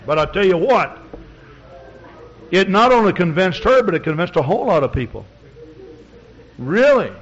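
A man's voice: high-pitched, very animated, moderate pace, long pauses. A man preaching as a pastor, telling a story in a folksy, rambling way with many fillers. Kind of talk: storytelling sermon. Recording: dull lo-fi recording.

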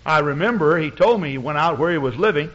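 A man's voice: fairly high pitch, animated, fast talker, a bit bright. A man preaching as a pastor, telling a story in a folksy, rambling way with many fillers. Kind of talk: storytelling sermon. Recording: dull lo-fi recording.

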